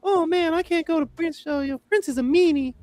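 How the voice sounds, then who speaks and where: A timid male pop star speaks in a soft, breathy falsetto pitched far above a normal man's voice, as a podcaster puts him on. The delivery is gentle and plaintive. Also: brisk, faint music behind. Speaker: impression of a famous singer.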